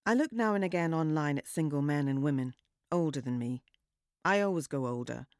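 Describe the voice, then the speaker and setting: A woman narrating a story in a measured, wry and understated way. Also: deep voice, lively intonation, dry recording, clean studio sound. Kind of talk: audiobook narration.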